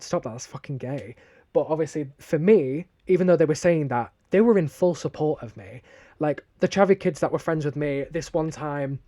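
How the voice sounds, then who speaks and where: A man's voice: a little high, dark tone. A young man with a Northern English accent, co-hosting a podcast and telling a story bluntly, with a lot of swearing. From northern England. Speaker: podcast co-host. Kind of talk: casual podcast chat.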